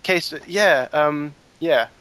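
A man's voice: a little high, slow pace, fairly bright tone, no echo. A man in his twenties from the southwest of England with a southern English accent, chatting as a guest, rambling with many restarts and fillers. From Wiltshire, England. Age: 20s. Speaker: guest animator. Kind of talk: casual conversational interview.

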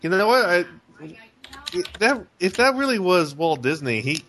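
A man's voice: high voice, normal speed, faint music behind. A man co-hosting a podcast, chatting casually and reacting with lots of exclamations. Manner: excitable, reacts with frequent exclamations. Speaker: podcast co-host. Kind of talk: casual chat.

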